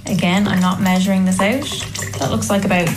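A woman's voice: medium pitch, flat delivery, a little fast, low-quality recording. A woman cheerfully narrating her own cooking, describing each step as she goes. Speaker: podcast co-host. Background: music.

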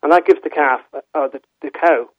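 A man's voice: on the high side, brisk, no room sound. A man with an Irish accent, a farmer calling in to a radio show, explaining his point steadily and earnestly over the phone. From Ireland. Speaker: dairy and meat farmer calling in. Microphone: telephone. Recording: tinny phone line.

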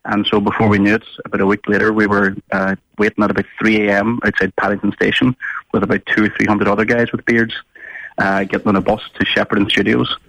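A man's voice: on the low side, level tone, fast talker, fairly bright tone, no echo, rough recording. A man from Ireland calling into a radio show, telling a story and laughing between phrases. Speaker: caller. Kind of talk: phone-in storytelling.

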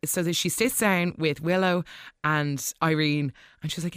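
Animated soap recap host, dry sound. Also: medium pitch, smooth, no echo. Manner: animated, gushing, quick asides. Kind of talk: casual episode recap.

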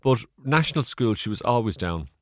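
A man's voice: mid-range voice, expressive, a little fast, no room sound. An Irish man, a guest in an interview, telling stories in a chatty, rambling way with fillers and laughs. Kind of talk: casual storytelling interview.

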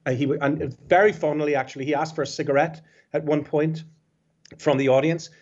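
A man's voice: fairly high pitch, steady tone, a little fast, a little mellow. A man with a Belfast accent, a musician calling in to a radio show, telling anecdotes in a chatty way with restarts. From West Belfast, Northern Ireland. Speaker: musician guest on the phone. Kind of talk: storytelling radio phone-in. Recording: muffled phone line.

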